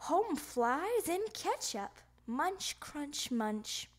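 A woman voicing an excitable young boy frog who shouts his lines eagerly in a storybook reading. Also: high-pitched, drawn-out words, full character voice. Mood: excited.

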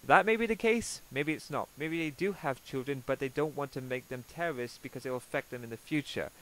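A man's voice: medium pitch, a little fast, fairly bright tone, low-quality recording. A young Welsh man with a Welsh accent giving sarcastic, swear-filled commentary on a video he is reacting to. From Wales.

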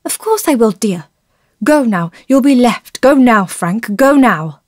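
A woman's voice: mid-range voice, slow, mellow, dry recording, studio quality. A woman reading the lines of an agitated, tearful old grandmother.

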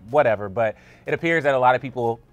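Young man, celebrity news co-host, relaxed, conversational, medium pitch. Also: fast, soft background music. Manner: relaxed, conversational, frequent "yeah" and "mm-hmm". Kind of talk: casual celebrity news chat.

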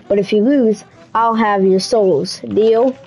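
Casting: gloating cartoon devil, slow and menacing, mellow tone, read by a woman. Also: mid-range voice, husky, rough recording. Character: scheming male devil, casino owner.

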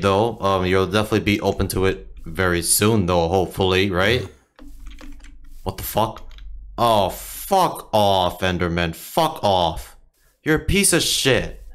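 A man's voice: low-pitched, a little hiss or hum. Swearing young man narrating gameplay. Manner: frustrated, swears a lot, swings into loud outbursts. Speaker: gaming streamer. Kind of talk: casual gameplay commentary.

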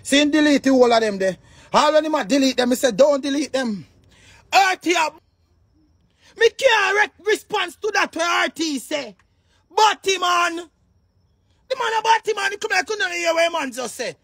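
A Jamaican man rants in a video monologue, his voice pitched very high with a gravelly fry running through it. He is loud and combative, swearing freely and bursting into shouts. The sound is dry, with no room around it. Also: animated, moderate pace, dry recording. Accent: Jamaican Patois. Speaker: online personality.

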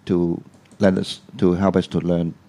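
A man's voice: low-pitched, flat delivery, measured pace, warm tone. A man co-hosting an English lesson, asking the teacher questions hesitantly with many fillers. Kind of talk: casual pronunciation lesson.

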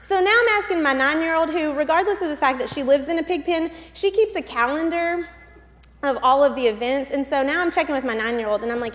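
A woman's voice: high-pitched, fairly quick, long reverb tail. A woman in her thirties telling a chatty, self-deprecating personal story to a church congregation. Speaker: church speaker. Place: church hall.

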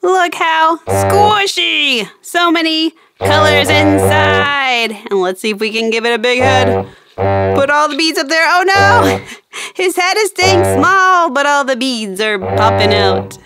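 A woman presenting a playful toy demonstration for children in an excited, sing-song way, with playful roars. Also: a little high, takes it slowly, over loud music. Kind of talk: playful toy demo for kids.

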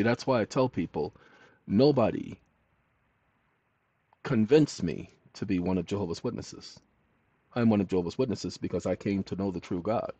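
A man hosting his own channel, talking straight to viewers in an emphatic monologue that swings between loud and hushed. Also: sits low, no echo. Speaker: channel host. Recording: dull lo-fi, dry sound.

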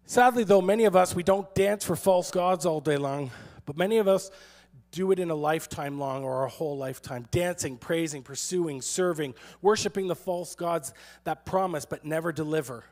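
A man's voice: fairly high pitch, normal speed, a little mellow. A man who is a pastor, giving a sermon in a playful, sarcastic storytelling manner and acting out quotes.

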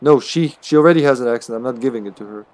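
A man's voice: medium pitch, racing, darkish tone. A man streaming a game, chatting casually as he plays, swearing freely and thinking aloud. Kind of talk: casual gameplay commentary.

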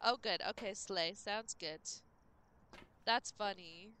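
A woman streaming a game live, chatting casually with viewers, reading their messages aloud and humming to herself between bursts of excitement. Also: medium pitch, slow, a little hiss or hum.

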